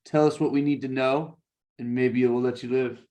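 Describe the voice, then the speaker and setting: A man's voice: mid-range voice, fairly even intonation, normal speed, warm tone. A man as a player in a tabletop game, speaking bluntly and threatening. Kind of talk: casual tabletop play.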